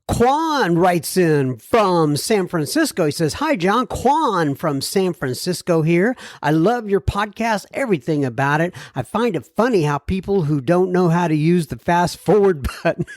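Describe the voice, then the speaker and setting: A man with a slightly higher voice hosts a laid-back podcast. He chats earnestly, leans on fillers and chuckles often as he goes. The sound is close and dry, with no room around it. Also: lively intonation, unhurried, few pauses, no room sound. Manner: chuckles often while talking; earnest and warm-hearted, with many fillers. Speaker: podcast host. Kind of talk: casual podcast chat.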